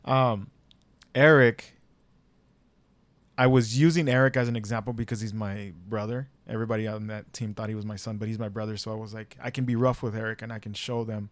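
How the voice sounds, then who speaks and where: A young man on a podcast, telling a story in a casual, animated way, laughing and swearing as he goes. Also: on the low side, a little fast, dry recording. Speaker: podcast co-host.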